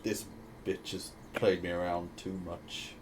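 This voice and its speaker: Very deep-voiced man playing a tabletop game. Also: little pitch movement, unhurried, background noise. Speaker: player. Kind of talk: casual tabletop game chat.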